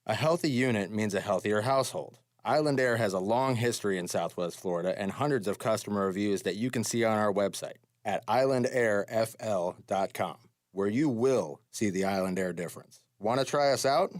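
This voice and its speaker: Low-voiced man reading a dry ad. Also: fairly quick, no room sound. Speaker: business owner. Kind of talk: radio ad read.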